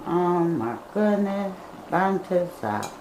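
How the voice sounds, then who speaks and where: Woman cooking host, folksy and slow-spoken, talks straight to her viewers; roomy home kitchen. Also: fairly low pitch, big pitch swings, darkish tone, a little hiss or hum. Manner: chatty, addresses viewers as y'all and you guys. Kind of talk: casual cooking vlog talk.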